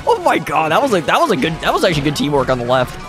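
A young man giving excited, swearing live commentary on computer fights, laughing often and tripping over his words. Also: fairly high pitch, very fast, over music. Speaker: gaming video host.

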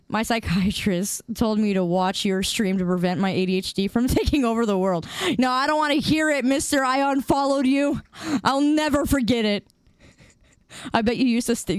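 A woman's voice: fairly high pitch, smooth, dry recording, clean studio sound. A young woman streamer chatting casually with her viewers, bantering playfully and teasing back with mock defensiveness.

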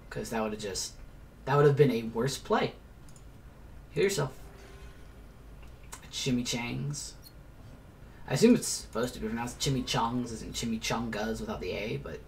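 A man's voice: mid-range voice, gravelly, slight background noise. Chatty man swearing over gameplay. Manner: chatty, explains as he plays, swears and mutters asides. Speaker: let's player. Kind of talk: casual gameplay commentary.

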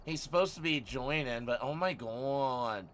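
A man live-streaming a game from home, chatting casually with viewers, teasing and swearing, often bursting out loudly. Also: medium pitch, measured pace. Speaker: livestreamer.

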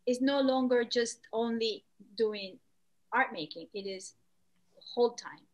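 A woman artist talking as a podcast guest, lively, acting out quoted voices. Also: a little slow. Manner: animated, acts out quoted voices with pitch jumps. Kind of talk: conversational podcast interview.

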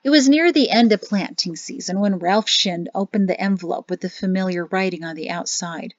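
A woman reads a storybook aloud at home, her narration plain and steady. The recording is dull and lo-fi, and close and dry from a small closet. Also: mid-range voice, fairly quick, dry recording. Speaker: teacher reading an audiobook.

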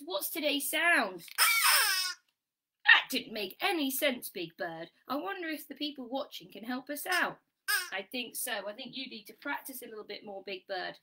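A woman teaching a children's phonics lesson, praising warmly and sounding out letters slowly and clearly. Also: high-pitched. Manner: bright, encouraging, sing-song praise.

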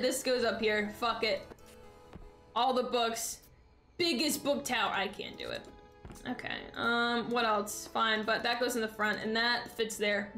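A woman's voice: on the high side, steady tone, unhurried, sharp tone. A young woman streaming a video game, chatting playfully and dramatically with her chat and thanking followers. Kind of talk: casual live-stream chat while gaming. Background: faint game music.

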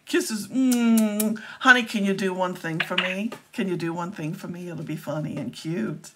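A woman's voice: fairly low pitch, a little slow, background noise. A woman live-streaming while baiting a scammer, talking in a teasing, theatrical and playful way. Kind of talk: casual live-stream talk.

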